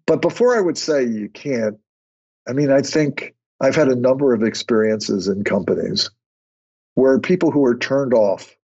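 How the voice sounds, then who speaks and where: A man's voice: mid-range voice, moderate pace, slightly rough. Older man telling workplace stories. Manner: storytelling, animated when quoting others. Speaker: podcast guest. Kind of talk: conversational interview. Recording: muffled lo-fi remote audio.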